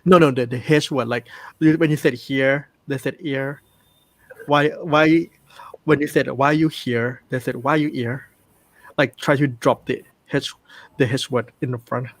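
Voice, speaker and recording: A man from Thailand speaking English with a Thai accent, chatting casually with many pauses and restarts. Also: mid-range voice, fairly even intonation, no room sound. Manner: hesitant, many ums and restarts. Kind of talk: casual chat.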